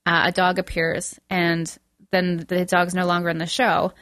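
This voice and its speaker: A woman with a lowish, monotone voice and a slightly bright tone speaks at a moderate pace, recorded clean in a studio with no room sound. She's co-hosting a casual podcast chat, telling emotional stories packed with fillers in a chatty way.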